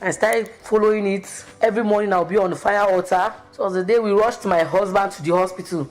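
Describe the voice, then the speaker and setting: A woman with a Nigerian accent giving a fervent church testimony, breaking into high exclamations. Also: quick pace, faint music behind, low-quality recording. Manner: fervent, exclamatory, with sudden high emotional cries. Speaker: testimony giver.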